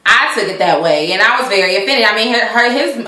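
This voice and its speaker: A woman's voice: mid-range voice, expressive, fast talker, bright, forceful tone, roomy sound. A woman vlogger giving a casual, opinionated recap of a reality show, chatty and indignant, with many fillers and restarts.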